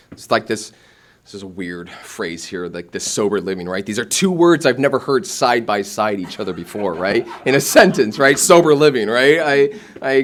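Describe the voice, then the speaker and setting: An American man telling his recovery story at a meeting, halting, with many restarts and fillers. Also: mid-range voice. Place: meeting room.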